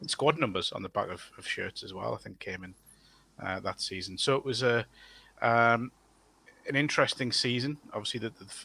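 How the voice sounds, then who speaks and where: A man's voice: lowish voice, pushed and bright. A man speaking as a podcast guest, talking in a thoughtful way with fillers and restarts. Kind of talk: casual podcast chat.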